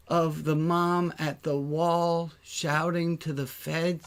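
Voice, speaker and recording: A man's voice: on the high side, flat delivery, slow pace, hardly any pauses, clean tone. A man, a rabbi, talking casually on a livestream, earnest and emotional, thinking aloud as he points out places on a map and sometimes swearing.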